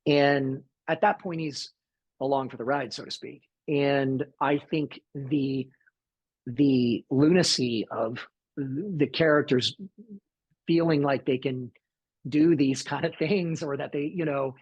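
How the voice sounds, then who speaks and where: A man from the Southern United States with a Southern accent, answering interview questions in a thoughtful, halting way with many restarts. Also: medium pitch, steady tone, a little mellow, slightly rough, no room sound, dull audio. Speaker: actor interviewed about his film.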